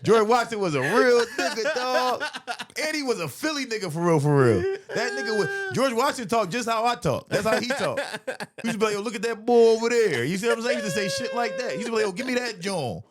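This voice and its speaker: A man, a comedian hosting a podcast, in a profane, animated comedic rant, laughing often. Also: very high-pitched, fast, a crowd in the background.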